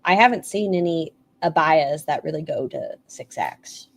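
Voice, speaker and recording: A woman's voice: low voice, expressive, moderate pace, creaky, a little hiss or hum. A woman hosting a casual commentary stream, making snarky, sarcastic remarks.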